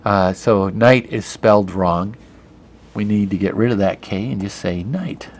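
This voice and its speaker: Man teaching grammar, patient and lowish. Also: measured pace. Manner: patient, explains step by step while typing. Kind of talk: online grammar lesson. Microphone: computer camera mic.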